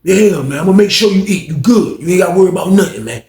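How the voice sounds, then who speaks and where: A man voicing a bossy, commanding big male inmate who talks loud and pushy and keeps saying "man". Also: high voice, animated, fast talker, echoey room, voice pushed up. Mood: boisterous.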